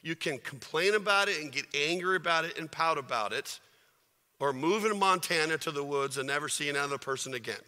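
A man preaching a sermon to his congregation, chatty and full of rhetorical questions, building to forceful passages. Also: on the high side, brisk. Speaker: pastor. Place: church sanctuary. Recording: reverberant hall.

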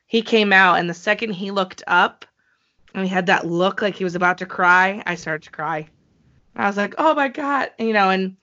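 A bright, excitable woman chatting as co-host, quick to laugh and to throw in animated asides. The recording sounds a little dull and lo-fi, her voice crisp and forward at the top. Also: medium pitch. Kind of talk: casual wrestling chat.

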